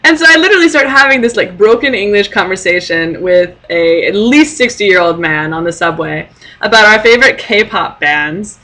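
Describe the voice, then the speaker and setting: A young woman chats to her camera, telling stories in a loose, rambling way. Her voice is bright and lively, peppered with ums, likes and little laughs. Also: mid-range voice, normal speed, low-quality recording. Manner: giggly, lots of fillers and laughing asides. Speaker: vlogger. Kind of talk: casual storytelling to camera.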